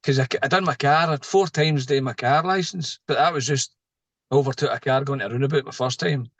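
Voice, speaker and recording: A middle-aged Scottish lorry driver tells a story in casual chat, speaking fast in a medium pitch. He's animated, voicing the people in his anecdote, and the recording has no echo.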